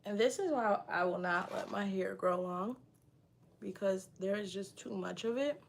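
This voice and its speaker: A woman's voice: mid-range voice, normal speed, creaky, a little hiss or hum. A woman in her thirties chatting casually while she does her hair, reading and answering comments, tired and a little sick. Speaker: vlogger.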